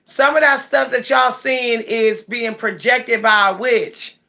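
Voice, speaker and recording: Bright-voiced woman chatting on a livestream. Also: a little high, fairly even intonation, takes it slowly, gravelly. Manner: chatty, reads viewer comments aloud. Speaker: livestream host. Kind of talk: casual livestream chat.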